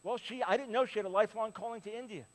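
Male preacher, high voice, animated storytelling, big hall reverb. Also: rapid-fire. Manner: animated storyteller, drops to hushed tones for quoted lines. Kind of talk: sermon storytelling.

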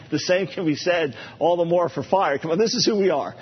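A man preaching a sermon as a pastor, animated and playful, repeating phrases for emphasis. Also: fairly high pitch, normal speed, husky. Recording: dull lo-fi recording.

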